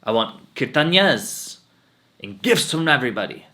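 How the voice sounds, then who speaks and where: A man playing an arrogant, proud male village guru who issues booming, haughty commands in a spoken story. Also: very animated, moderate pace, bright, forceful tone. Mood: haughty, angry.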